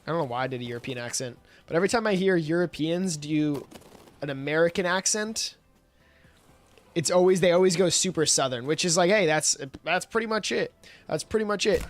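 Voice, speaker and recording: A man's voice: a little high, fairly quick. A man livestreaming who chats casually, rambling, swearing and laughing as he talks. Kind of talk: casual stream chat.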